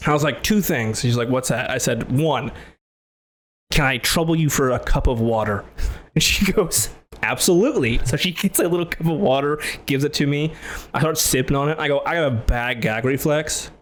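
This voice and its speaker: A man on a casual podcast spins an animated story, acting out the other person's lines in his own voice. His pitch sits in the middle range, and he says "like" a lot and swears freely. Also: moderate pace, slight background noise. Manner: animated, acts out both sides of the story, laughs loudly. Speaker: podcast host.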